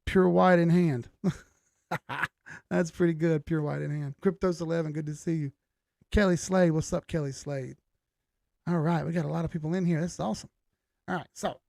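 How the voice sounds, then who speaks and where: A man's voice: a little high, fairly quick, gravelly, a little mellow, no room sound, clean studio sound. A middle-aged man, hosting a live stream in casual chat, greeting viewers by name with a laid-back manner and the occasional swear. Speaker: livestream host.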